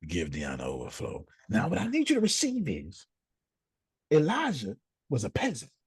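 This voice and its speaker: A man teaching like a preacher, his pitch rising and falling widely. The voice is husky and sits close in a dry space. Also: moderate pace, dry recording. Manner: animated, repeats phrases, calls listeners by name. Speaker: host and teacher. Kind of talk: preaching-style teaching talk.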